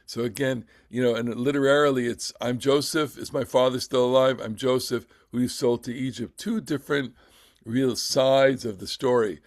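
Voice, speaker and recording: A man's voice: medium pitch, steady tone. A man teaching a scripture class who reads the passage aloud and then talks it over. His delivery is theatrical, full of stammered restarts. The sound is dry and close, with no room echo. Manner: theatrical, repeats words, halting restarts. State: emotional, voice catching. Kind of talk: text study class, reading and commenting.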